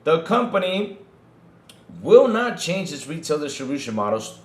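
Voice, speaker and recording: In an echoey room, a man with a fairly high pitch speaks at a normal speed, hosting a gaming podcast. He reads out news items and mocks them with animated, foul-mouthed remarks aimed at his chat.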